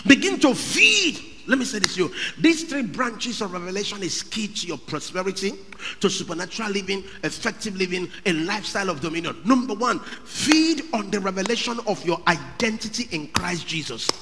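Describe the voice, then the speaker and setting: A man preaching a sermon, rising to shouted peaks and dropping low again. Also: big pitch swings, fairly quick, background noise. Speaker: pastor. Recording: long hall reverb.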